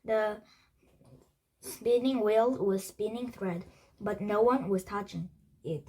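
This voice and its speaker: Give me a woman reading a children's book aloud, slow and halting, with a breathy voice. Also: mid-range voice, dark tone, rough recording. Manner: halting, with frequent restarts and slips. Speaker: storybook reader.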